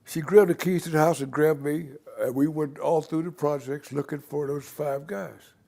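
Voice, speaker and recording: An older man, an interview guest, telling stories from his life in an unhurried, reflective way. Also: fairly high pitch, fairly even intonation, gravelly, a little mellow. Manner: unhurried, reflective storytelling with small restarts. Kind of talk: storytelling in conversation.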